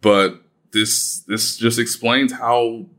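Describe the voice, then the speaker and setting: A man's voice: mid-range voice, fairly even intonation, takes it slowly, a bit bright. A man co-hosting a casual sports talk show, reflective and hesitant with many fillers. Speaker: sports podcast co-host.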